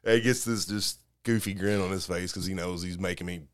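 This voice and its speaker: A man with a fairly low voice bantering on a podcast. He jokes, teases his co-host and sometimes jumps into silly high imitations. The sound is close and dry. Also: fairly even intonation, a little fast, no echo. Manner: joking, teasing, jumps into high-pitched imitations. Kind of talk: casual chat.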